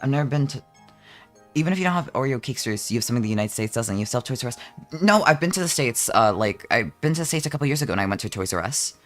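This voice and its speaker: Casual male streamer, swings his pitch a lot, swears freely, middle-pitched voice. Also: lively intonation, racing, fairly bright tone, soft background music. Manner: rambling, profane, jokey and exaggerated. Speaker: vtuber streamer. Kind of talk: casual live-stream chat.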